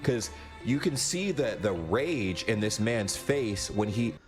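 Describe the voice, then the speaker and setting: Animated man doing reaction commentary. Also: on the low side, slow pace, music in the background. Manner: animated, incredulous, exaggerated. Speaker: reaction video host.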